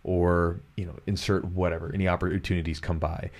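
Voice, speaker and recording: A man's voice: low-pitched, little pitch movement, brisk, darkish tone. A man from Kentucky hosting a podcast, talking in an earnest, motivational way and often repeating himself. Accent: neutral American, former Kentucky twang trained away. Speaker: podcast host, jiu-jitsu coach. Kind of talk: casual podcast chat.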